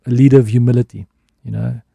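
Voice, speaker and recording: Gravelly-voiced man. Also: medium pitch, level tone, fast, warm tone, no room sound. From South Africa. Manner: reflective, candid, restarts phrases. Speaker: guest, advertising executive. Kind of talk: radio interview conversation. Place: radio studio. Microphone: studio microphone.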